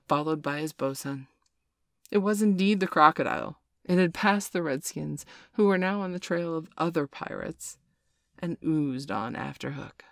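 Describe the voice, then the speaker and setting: A woman with a fairly low voice reads a children's storybook aloud. She tells the tale steadily and jumps higher in pitch whenever a character speaks. The recording is close and dry. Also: no room sound. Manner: acts out characters with raised pitch. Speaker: storybook reader.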